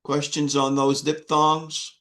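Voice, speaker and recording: Male instructor, unhurried and halting, drilling students on letters. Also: a little high, monotone, fairly bright tone. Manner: slow, patient, with many fillers and restarts. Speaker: Greek instructor. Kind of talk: online class teaching.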